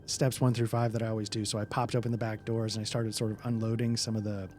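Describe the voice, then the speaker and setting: A man's voice: lowish voice, flat delivery, fast, a little mellow, a little hiss or hum. A man playing in a tabletop game, casually and a bit sheepishly describing what his character does. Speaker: player.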